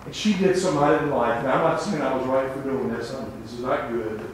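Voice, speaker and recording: A man's voice: mid-range voice, a little fast, recorded from a distance. Fiery preacher man in echoey church. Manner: fiery, swings between shouting and hushed asides. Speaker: evangelist preacher. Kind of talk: revival sermon. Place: church sanctuary. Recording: echoey church sanctuary with faint room noise.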